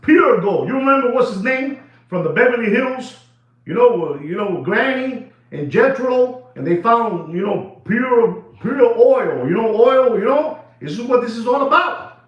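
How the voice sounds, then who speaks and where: Animated man speaking in an echoey room. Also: extremely high pitch, a little slow. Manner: animated, repetitive, shouts and laughs, mixes in Spanish. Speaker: watch dealer hosting a video. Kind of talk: excited off-the-cuff monologue. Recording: echoey room, dull sound.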